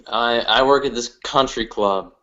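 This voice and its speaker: A young man from northern Ohio with a Midwestern accent, a guest comedian telling his story in halting, hesitant bits. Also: mid-range voice, sharp tone, highs cut off. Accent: Midwestern American. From northern Ohio, USA. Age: young adult. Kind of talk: casual interview chat.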